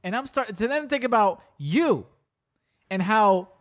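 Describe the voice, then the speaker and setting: A man hosting a podcast, telling stories in a casual, animated way with rapid bursts of speech. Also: sits high. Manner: animated storyteller, rapid bursts, swears freely. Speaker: podcast host. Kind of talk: casual chat.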